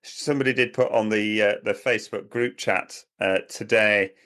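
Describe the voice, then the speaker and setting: Chatty man, lowish voice. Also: steady tone, moderate pace, fairly bright tone. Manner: rambling, chatty, laughs often. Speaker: podcast co-host. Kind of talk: casual chat.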